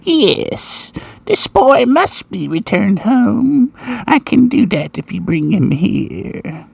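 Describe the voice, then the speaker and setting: A man voicing an old woman who speaks slowly and insistently on the phone. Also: high voice, sing-song, creaky, breathy edge, no room sound, voice pushed up, exaggerated voice.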